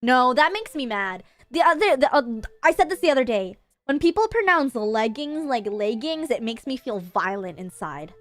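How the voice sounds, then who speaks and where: A woman from Canada with a Canadian English accent, hosting a casual livestream chat in a playful, chatty way with quick laughs. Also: high voice, very animated. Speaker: livestream host.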